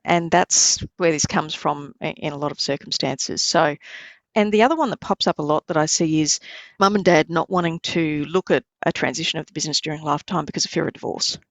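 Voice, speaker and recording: A middle-aged woman, a lawyer giving measured, explanatory advice in a podcast interview. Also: deep voice, no echo. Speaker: lawyer guest.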